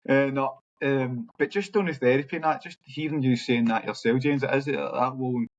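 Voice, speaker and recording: Host, supportive and rambling. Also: male voice, mid-range voice, fairly quick, muffled recording, slight background noise. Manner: supportive, rambling, laughs along. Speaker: podcast host. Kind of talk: casual chat.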